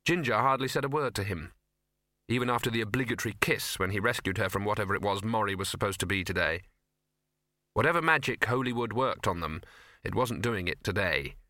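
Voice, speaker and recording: A man's voice: on the low side, pushed and bright, no echo. A man narrating an audiobook in a dry, wry storytelling manner. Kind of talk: scripted narration.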